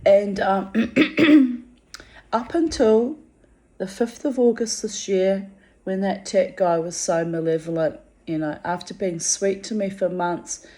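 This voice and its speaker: A woman's voice: on the low side, mellow. Theatrical, profane woman telling her story. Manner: theatrical and profane, with drawn-out emphasis. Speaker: personal storyteller. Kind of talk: candid spoken monologue.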